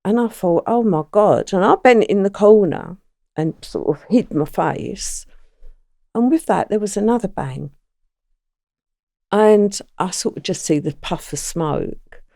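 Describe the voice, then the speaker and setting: An older woman, a podcast guest telling her past with lively, acted-out quotes. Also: medium pitch, unhurried, gravelly, no echo, studio quality. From England. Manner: animated storyteller, acts out quoted lines. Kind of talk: recounting crime memories in a podcast interview.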